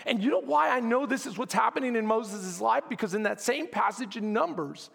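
A man preaching as a pastor, animated, acting out complaining voices and shouting at peaks. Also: very high-pitched, fairly quick, gravelly, slightly rough, in a large hall. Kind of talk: sermon.

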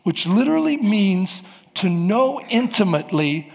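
A man preaching a sermon as pastor of a church, with emphatic rises and sudden shouts. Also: sits high, sing-song, measured pace, vocal fry, in a large hall. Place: church sanctuary.

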